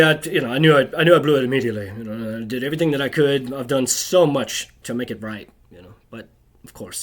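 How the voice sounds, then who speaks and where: A man telling a rambling, bitter personal story to camera, agitated and constantly tagging his sentences with "right?". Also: medium pitch. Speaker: video creator.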